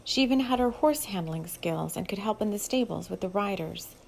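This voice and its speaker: Brief: female author narrating her novel, steady, mid-pitched storybook reading. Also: brisk, vocal fry, poor audio. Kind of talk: audiobook narration.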